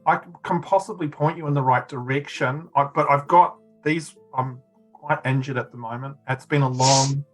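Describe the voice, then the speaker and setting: A man playing a worn-out, injured man who rambles hesitantly. His voice is plain and unhurried, close to his own. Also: medium pitch, a bit bright, close to an everyday voice, poor audio. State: exhausted.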